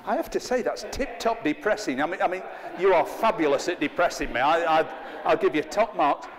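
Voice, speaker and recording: A man's voice: a little high, expressive, fairly quick, big-room sound. A middle-aged man, leading an interactive workshop with a live group in a chatty, playful, self-mocking way. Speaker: workshop trainer. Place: training room with a live group.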